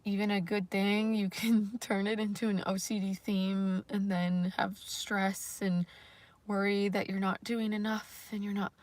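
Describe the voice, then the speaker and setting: A woman's voice: medium pitch, flat delivery, measured pace, a little mellow, no echo. A woman vlogger talking casually on a livestream, rambling and self-conscious, with lots of fillers and the odd swear word.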